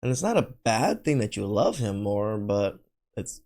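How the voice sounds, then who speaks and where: A man's voice: fairly low pitch, sing-song, normal speed, darkish tone. A man giving blunt, unsympathetic reaction commentary.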